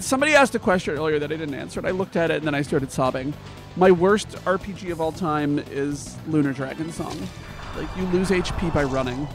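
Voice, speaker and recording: Male streamer, slightly high voice, emotional and gushing, stumbles when sincere. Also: creaky. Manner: emotional, gushing, thanks viewers warmly; halting restarts when earnest. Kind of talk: casual live-stream game commentary.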